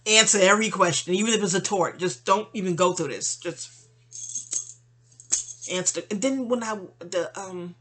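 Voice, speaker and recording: A woman's voice: medium pitch, moderate pace, soft background music. A woman venting to a friend in a rambling, exasperated personal monologue, full of slang and side remarks. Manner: animated, exasperated storytelling with slang and asides.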